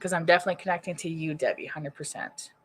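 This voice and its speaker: A woman's voice: deep voice, quick pace. A woman doing a live-streamed psychic reading, casual and rambling, restarting sentences as she thinks aloud. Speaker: psychic medium. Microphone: webcam or computer mic.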